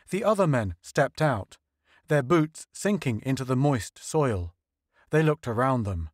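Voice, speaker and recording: A man reading science fiction as an audiobook narrator in an even, measured way. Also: medium pitch, no room sound, studio quality. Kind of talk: scripted narration.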